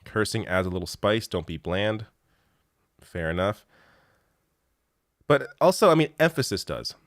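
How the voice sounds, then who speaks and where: A man's voice: on the low side, big pitch swings, measured pace, fairly bright tone, no room sound, studio quality. A man hosting a live show, chatting casually and reading viewer comments in a rambling way, laughing often and swearing freely.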